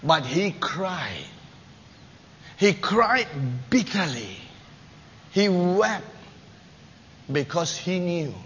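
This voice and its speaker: A man preaching a sermon, telling scripture stories with lively, acted-out quotes. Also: drawn-out words, pauses often, slightly rough. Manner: animated storytelling, acting out quotes with rising pitch and loudness. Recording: dull lo-fi recording with long hall reverb and faint noise.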